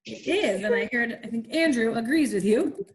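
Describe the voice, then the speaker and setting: A woman's voice: fairly high pitch, lively intonation, normal speed, slight background noise. A woman teacher leading an online class over a video call, encouraging the children and asking them questions as she explains.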